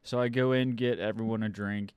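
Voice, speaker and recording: Young man, smooth voice, dry close sound, swearing storyteller, casual podcast co-host. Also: lowish voice, brisk, dry recording. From Ohio. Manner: swears a lot, animated and exasperated.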